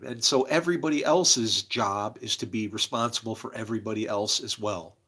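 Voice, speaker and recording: In a loose livestream monologue, the host opens up profanely about his faith and struggles, calling out viewers in chat by name. His voice is on the low side, husky and a bit bright, moving a little fast with few pauses.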